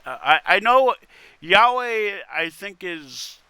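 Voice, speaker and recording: A man's voice: high voice, big pitch swings, slow, bright, forceful tone, clear, resonant tone, no room sound. A man reading internet posts aloud in casual commentary, wry and muttering, with casual swearing. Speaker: content creator reading posts.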